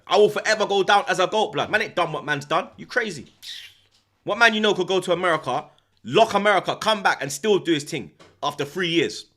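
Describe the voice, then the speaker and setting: A man, a football streamer talking in a loud, swaggering rant full of repeated slang tags. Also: sits high, lively intonation, fairly quick. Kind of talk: casual boastful rant.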